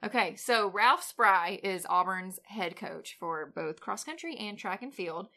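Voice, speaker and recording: A woman's voice: mid-range voice, animated, measured pace, sharp tone. A woman co-hosting a casual sports chat, playful and laughing often. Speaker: podcast co-host.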